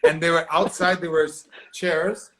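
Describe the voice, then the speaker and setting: Man, fairly high voice, lively storyteller, acts out voices, video call. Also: moderate pace, a little hiss or hum. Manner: animated, acts out quoted voices, laughs often. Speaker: actor guest. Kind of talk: storytelling interview.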